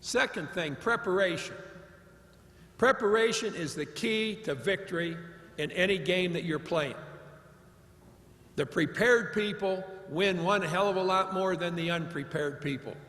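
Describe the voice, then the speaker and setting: A man's voice: high voice, unhurried, fairly bright tone. A man from Ohio giving a commencement address, a blunt and emphatic storyteller. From Ohio, United States. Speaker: commencement speaker. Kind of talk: commencement address with folksy anecdotes. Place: large hall at a graduation ceremony. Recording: echoey large hall with long reverb.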